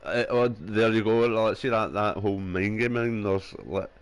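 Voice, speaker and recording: Young male streamer with a lowish voice: loose, sweary, filler-heavy chat. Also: moderate pace, smooth. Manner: rambling, sweary, full of fillers. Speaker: gaming streamer. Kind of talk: casual chat while gaming.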